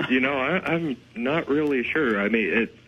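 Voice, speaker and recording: A man's voice: mid-range voice, dull audio, background noise. A man, a ghost investigator, explaining things in a radio interview, loose and full of fillers.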